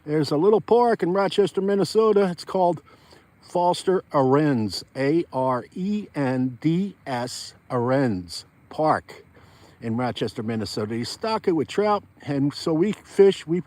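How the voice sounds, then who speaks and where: A man's voice: on the high side, animated, measured pace, a little mellow. A man, chatting rambly to viewers while ice fishing outdoors on a frozen pond. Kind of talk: casual outdoor vlog chat.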